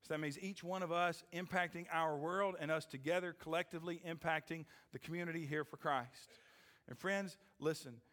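A middle-aged man preaching a sermon as pastor, swinging from loud rising questions to hushed lines and checking in with "okay?" and "amen?". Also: fairly high pitch, fairly even intonation, normal speed, long reverb tail. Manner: repeats "okay?" and "amen?" to the congregation.

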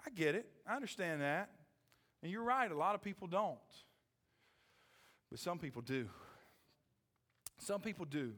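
A middle-aged man preaching a sermon as pastor, swinging from loud rising questions to hushed lines and checking in with "okay?" and "amen?". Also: high-pitched, animated, moderate pace, pauses often, long reverb tail. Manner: repeats "okay?" and "amen?" to the congregation.

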